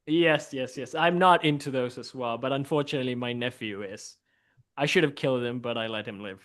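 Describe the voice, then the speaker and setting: A man's voice: medium pitch, brisk, fairly bright tone. A man hosting an online improv game in a costume persona, playful and laughing, over a video call. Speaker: improv host.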